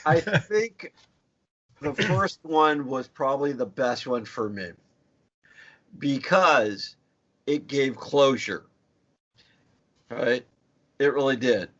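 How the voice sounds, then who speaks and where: A man's voice: mid-range voice, fairly bright tone. A man co-hosting a podcast, joking around and laughing easily, sometimes mock-solemn. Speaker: podcast co-host. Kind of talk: casual chat. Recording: dull lo-fi podcast audio.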